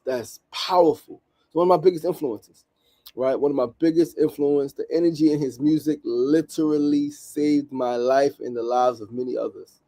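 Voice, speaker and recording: A man's voice: a little high, moderate pace. A man hosting a motivational podcast, talking in an emphatic, repetitive, slangy way and ending lines with "right?". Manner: slangy, animated street talk. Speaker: podcast host.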